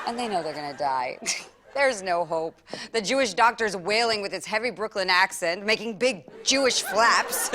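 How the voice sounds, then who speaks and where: A woman performing a comic story in a theatrical, animated way, with laughing asides. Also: mid-range voice, background noise.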